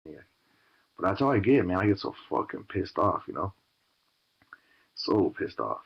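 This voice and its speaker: Real deep raspy guy rambling to camera, muffled lo-fi sound. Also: big pitch swings, moderate pace. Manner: loose, rambling, swearing, many fillers. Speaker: vlogger in a played clip. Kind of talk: casual vlog talk. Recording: dull lo-fi clip.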